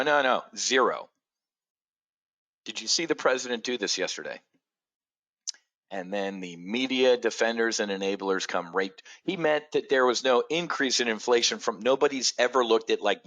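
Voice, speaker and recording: A middle-aged man from the United States hosting a trading show, ranting sarcastically with profanity, swinging from loud outbursts to low mutters. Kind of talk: ranting market commentary.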